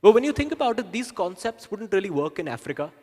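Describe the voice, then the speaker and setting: A man performing stand-up on a stage mic, his voice fairly high for a man. He talks in a lively, conversational way with quick asides, and a long reverb from the big hall trails behind him. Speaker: stand-up comedian. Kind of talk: live stand-up comedy. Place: large event hall.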